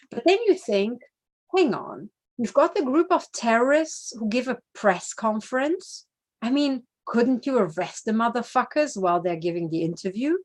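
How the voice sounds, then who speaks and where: A woman's voice: on the high side, lively intonation, normal speed. A woman giving rambling video commentary on the news, indignant and sarcastic, who swears freely and keeps asking "right?" to press her points. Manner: asks "right?" after points.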